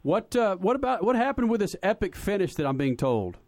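A man's voice: sits high, big pitch swings, brisk, darkish tone, no echo. A man hosting a motorsport radio show, introducing guests in an upbeat announcing manner. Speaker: radio host.

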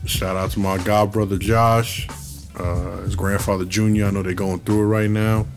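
A man who does stand-up, co-hosting a podcast with quick, laid-back slangy reactions. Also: lowish voice, little pitch movement, music in the background. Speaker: podcast co-host. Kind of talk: casual banter.

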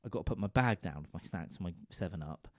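A man with a low, mellow voice tells a vulgar comic anecdote into a studio microphone. He rambles and keeps asking his listeners "right?" as he goes. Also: expressive, fast, no echo.

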